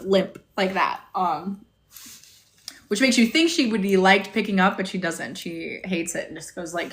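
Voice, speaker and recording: Young woman, bright and chatty, livestream host answering comments, phone-on-tripod sound. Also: lowish voice. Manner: chatty, bubbly, reads and answers viewer comments. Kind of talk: casual livestream chat. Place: motel room.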